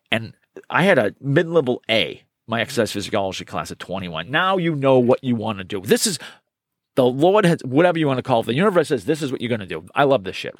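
A middle-aged man tells his story with gusto, swearing freely and stumbling over repeated words when he gets worked up. His voice sits at an ordinary middle pitch. It is recorded close and dry, with no room sound. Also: no room sound. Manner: energetic, profane, repeats words when fired up. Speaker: podcast guest, trainer and author. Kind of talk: casual interview storytelling.

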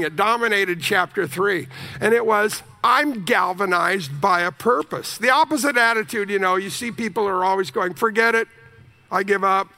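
A man preaching a sermon in an animated, joking way, now and then singing a few lines of a hymn. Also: sits high. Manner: animated, jokey, sings snippets of hymns. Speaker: pastor.

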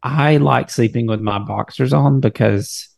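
A man's voice: mid-range voice, a little slow, vocal fry, a little mellow, no room sound, studio quality. A man co-hosting a podcast in casual banter, earnest and chatty, laughing often. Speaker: podcast co-host.

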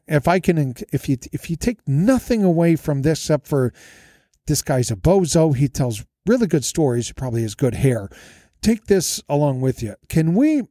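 Speaking in a fairly high, warm voice, this podcast host tells rambling, self-deprecating stories in a casual monologue. He's in a hotel room with improvised soundproofing, recording on a podcast mic through an audio interface, and the result is dry and clean like a studio.

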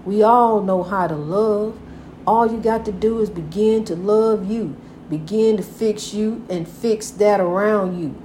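Mellow and unhurried, a medium-pitched grandmother gives casual, folksy inspirational advice about God, repeating herself and addressing the listener as honey. Her encouragement is preachy and God-centered, and slight background noise can be heard.

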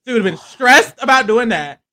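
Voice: medium pitch, lively intonation, quick pace, sharp tone. A podcast co-host chatting casually through a reality-show recap, playful and profane, laughing often and acting out what contestants said. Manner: loose, profane slang.

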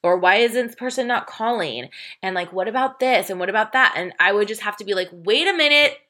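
A woman hosting a self-help podcast as a life coach, talking casually, laughing often, swearing freely and jumping way up in pitch when she quotes herself. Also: fairly quick, bright, forceful tone. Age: adult, divorced.

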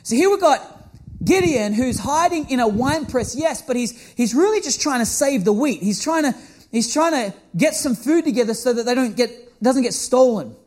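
Man, very high voice, pastor, storytelling sermon, self-mocking, animated. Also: moderate pace.

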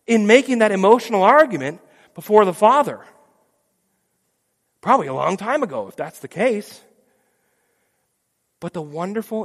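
A man preaching a sermon, dramatic, acting out quoted voices with big swings from loud pleas to near-whispers. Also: on the high side. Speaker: pastor. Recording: long hall reverb.

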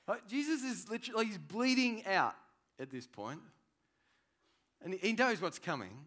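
Aussie guy preaching, bright forceful voice, gets loud then drops quiet. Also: high-pitched, measured pace, long pauses. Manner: animated, swings from loud to quiet. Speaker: pastor. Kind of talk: sermon.

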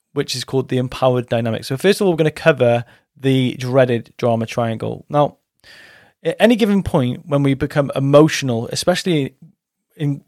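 A man's voice: mid-range voice, darkish tone, no room sound, clean studio sound. A man hosting a podcast, telling a story in a frank, blunt way with some coarse words. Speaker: podcast host and men's coach. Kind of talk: casual podcast monologue.

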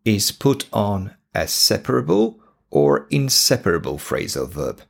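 Polish guy teaching english, super slow, gravelly, says every example twice. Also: lowish voice, big pitch swings. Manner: slow and deliberate, repeating examples. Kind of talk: podcast English lesson.

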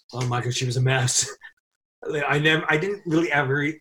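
A middle-aged man telling a crew anecdote in a casual interview, animated and quick to laugh. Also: fairly high pitch, noisy background. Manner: animated storyteller, laughs often while telling. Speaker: film crew member telling a story.

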